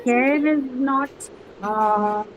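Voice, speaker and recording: A woman's voice: high-pitched, very slow, narrow, tinny audio, faint music behind. Woman teaching a class, checking in often. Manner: questions students, checks with "right?". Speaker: English teacher. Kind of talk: classroom lecture.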